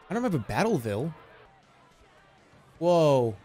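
A man's voice: mid-range voice, animated, normal speed. A man in his thirties giving casual, jokey gameplay commentary as a streamer, often sounding incredulous.

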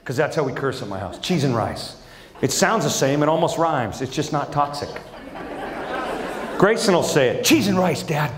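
A middle-aged man performing a stand-up comedy set on a large theater stage, telling stories with lively energy and acting out his family's voices. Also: on the high side, normal speed, pauses often, a faint crowd. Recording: echoey live theater with audience.

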